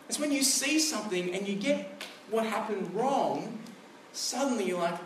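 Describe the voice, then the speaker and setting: A pastor in his thirties preaches with a high, lively voice. He tells stories from everyday life in a relaxed, chatty way. His voice carries from a distance across an echoey hall, with a faint hum of room noise behind it. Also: normal speed. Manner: conversational, storytelling with animated asides. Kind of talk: sermon.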